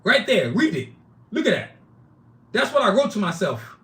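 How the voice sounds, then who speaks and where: A Nigerian man hosts his own live-streamed podcast, talking emphatically and bluntly straight to his chat with frequent profanity. His bright, forceful voice sits high, swings hugely in pitch, and moves at a normal speed.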